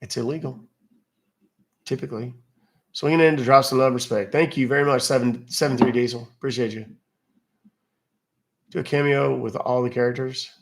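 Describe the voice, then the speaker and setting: Guy from texas on a live stream, easygoing and jokey, reading chat messages out loud. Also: mid-range voice, steady tone, moderate pace, vocal fry, long pauses, a little hiss or hum. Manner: chatty, loose, jokey, reads chat aloud. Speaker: livestream host.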